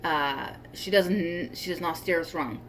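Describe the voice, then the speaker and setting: A woman's voice: fairly low pitch, unhurried, slight background noise. A young woman vlogging casually about parenting and the weather, rambling with lots of fillers and restarts. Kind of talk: casual commentary vlog.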